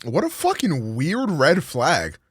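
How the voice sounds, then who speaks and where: A man streaming a casual, profane reaction commentary, rambling and animated. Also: a little high, slow, breathy edge, dry recording, studio quality. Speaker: streamer host.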